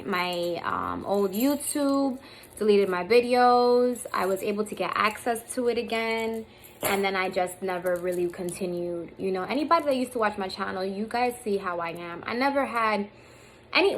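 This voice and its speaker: A woman's voice: mid-range voice, slight background noise, poor audio. A woman in her thirties vlogging to camera in a candid, rambling way, with a lot of fillers, at times close to tears. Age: 30s. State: emotional, near tears at times. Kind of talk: casual heartfelt talk to camera. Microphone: phone or camera on self.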